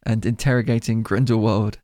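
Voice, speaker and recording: A man's voice: on the low side, flat delivery, brisk, darkish tone, no room sound. A man in a casual podcast chat, making dry, teasing jokes about a film. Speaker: podcast co-host.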